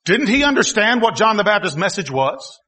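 A man preaching a sermon, telling the story in a folksy way and swinging from quiet asides to loud exclamations. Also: high-pitched, very animated, fairly quick. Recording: long hall reverb.

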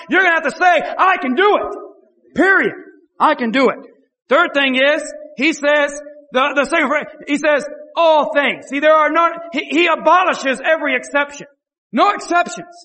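A male pastor preaching an impassioned sermon, often shouting and repeating his phrases. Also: very high voice, big-room sound.

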